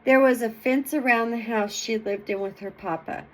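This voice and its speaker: A woman reading folk tales aloud as a storyteller, slow and expressive. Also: a little high, poor audio. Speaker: storyteller and channel host.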